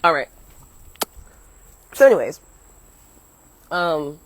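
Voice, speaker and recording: A woman's voice: low voice, very animated, slow pace, slight background noise, rough recording. A young woman from the United States, a comedian, telling a rambling story on a livestream from her phone at home, swearing freely and breaking off to chat with viewers. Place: at home, partly outdoors. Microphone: phone at arm's length.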